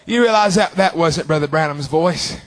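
A man preaching a sermon fervently, with long drawn-out phrases. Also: fairly high pitch.

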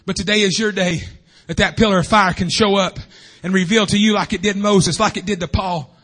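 Fervent high-voiced preacher man. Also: fairly even intonation, brisk, faint music behind. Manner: fervent, swings between shouting and hushed tones. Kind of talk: revival sermon. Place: church sanctuary.

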